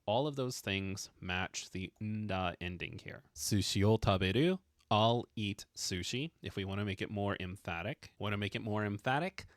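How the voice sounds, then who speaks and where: A man's voice: on the low side, normal speed, no room sound, clean studio sound. A man teaching a casual language lesson, explaining with playful emphasis and jokes.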